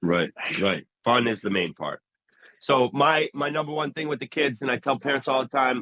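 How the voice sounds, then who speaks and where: Interview guest: a New England barber, lively storyteller, bright tense tone, dry close sound. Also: male voice, mid-range voice, normal speed, no room sound, poor audio. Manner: animated storyteller, acts out quoted dialogue. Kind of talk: casual interview talk.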